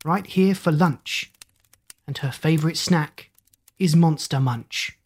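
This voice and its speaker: A storybook narrator voicing a boastful ten-year-old boy in a raised, quick voice. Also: medium pitch, husky. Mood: cocky.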